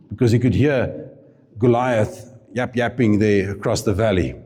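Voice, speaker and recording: A man preaching in a relaxed, storytelling way, full of asides and little laughs. His voice is mellow and mid-pitched. A long hall reverb hangs on every phrase. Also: slow, long pauses. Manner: chatty and informal, with asides and laughs. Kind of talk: sermon storytelling.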